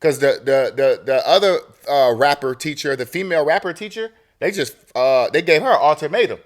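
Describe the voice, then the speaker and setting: A man's voice: fairly high pitch, fairly quick. A man co-hosting a podcast in casual debate, emphatic and profane, insisting on finishing his point. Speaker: podcast co-host.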